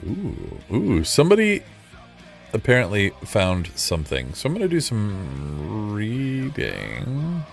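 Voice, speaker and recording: Rambling low-voiced man, frustrated. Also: huge pitch swings, slow, creaky, faint music behind. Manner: rambling, frustrated, self-mocking. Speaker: streamer. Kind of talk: casual live-stream chat.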